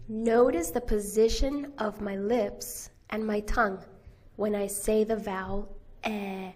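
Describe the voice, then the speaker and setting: Slow, deliberate American woman teaching vowels. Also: mid-range voice, steady tone, a little mellow. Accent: General American. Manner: drawn-out vowel demonstrations with repeated model words. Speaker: pronunciation teacher. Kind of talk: slow, careful pronunciation lesson.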